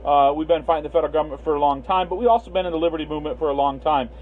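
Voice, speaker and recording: A man's voice: a little high, racing. Man livestreaming over a tinny line. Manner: rambling, many fillers, greets viewers by name. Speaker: livestream host. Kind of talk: casual livestream talk. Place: Las Vegas. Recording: tinny phone-line sound, faint hiss.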